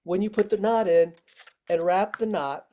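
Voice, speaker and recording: A man's voice: high voice, normal speed, dark tone. A man teaching firefighters over a video call, friendly and walking through simple tricks step by step. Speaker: firefighting instructor. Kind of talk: virtual training lesson.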